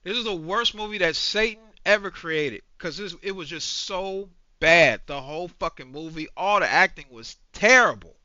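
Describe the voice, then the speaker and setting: A man's voice: sits high, animated, moderate pace, few pauses, bright, forceful tone, dry recording. A man in his forties ranting angrily in a profane, repetitive movie review. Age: 40s. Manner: ranting, profane, repeats himself. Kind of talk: angry reaction rant. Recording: dull lo-fi dry recording.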